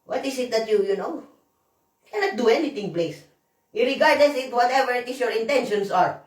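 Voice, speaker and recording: Woman vlogger, high voice, hoarse, swearing and rambling, echoey room. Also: expressive, a little fast, distant mic. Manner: profane, rambling, emphatic. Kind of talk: emotional rant to camera.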